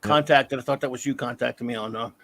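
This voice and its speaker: A man hosting a casual live-stream chat, rambling and excitable, often correcting himself mid-sentence. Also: medium pitch, fast talker, no room sound. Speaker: podcast host.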